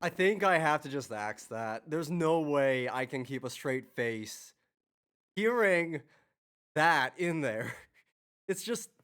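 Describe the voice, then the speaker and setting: A man's voice: a little high, expressive, slow, a bit bright, clear, resonant tone, dry recording. A man streaming as he writes music, talking casually to himself, muttering, trailing off and restarting his thoughts. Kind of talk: casual thinking aloud while working.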